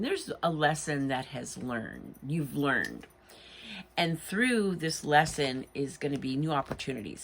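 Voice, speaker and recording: A woman's voice: deep voice, a little hiss or hum. A tired woman giving a casual, rambling tarot reading late at night, full of "you know" asides. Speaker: tarot reader.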